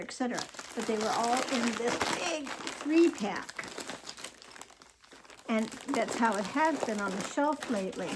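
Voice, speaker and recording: A woman's voice: on the high side, noisy background. An older woman chatting to viewers as she shows off her grocery haul, rambling and cheerful. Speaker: vlogger showing a grocery haul. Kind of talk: casual chatty haul vlog.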